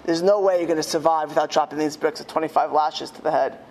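A man's voice: on the high side, fairly even intonation, fast, a little mellow, in a large hall, slight background noise, pitched below the performer's own voice, lightly acted, low-quality recording. A man voicing a cruel, mocking male camp guard who speaks in threats. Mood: menacing.

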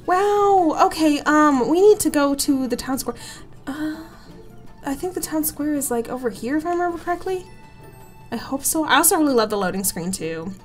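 A woman's voice: sits high, expressive, fairly quick, soft background music. A young woman gaming host chatting her way through a let's play, giggly and easily delighted.

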